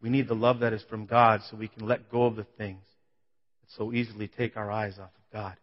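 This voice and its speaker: Speaking briskly with little movement in pitch, a man preaches his personal testimony in a sanctuary sermon. His emotional delivery rises into loud pleading and falls back to near silence. The sound carries a long reverb tail in a large hall, and the recording comes across muffled and dull.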